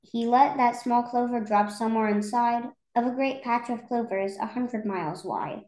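A woman's voice: a little high, normal speed, darkish tone. A woman reading a rhyming children's story aloud in a rhythmic, lilting way. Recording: roomy echo.

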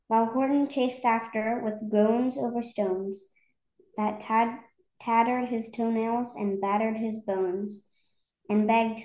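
A woman's voice: fairly high pitch, steady tone, takes it slowly, a little mellow. A woman reading a rhyming children's story aloud in a rhythmic, lilting way. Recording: roomy echo.

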